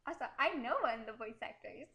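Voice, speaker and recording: A woman's voice: fairly high pitch, lively intonation, brisk, lo-fi sound. A woman interviewing a creator, enthusiastic and giggly as she asks her questions.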